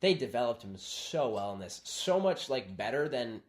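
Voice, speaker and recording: A young man co-hosting a casual podcast, chatting about films and acting out lines in quick put-on voices. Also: medium pitch, very animated. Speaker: podcast co-host. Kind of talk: casual chat.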